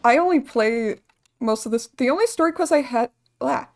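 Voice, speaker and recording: A woman's voice: high-pitched, expressive, moderate pace. A woman streamer chatting casually and rambling while she plays a game, laughing often. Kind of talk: casual gaming livestream chat.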